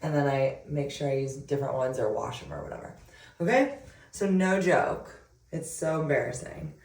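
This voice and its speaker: Rambling, giggly woman with a low voice, recorded at a distance in a reverberant room. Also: very animated, moderate pace, darkish tone. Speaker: vlogger. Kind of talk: casual hair tutorial. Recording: roomy sound, distant from mic.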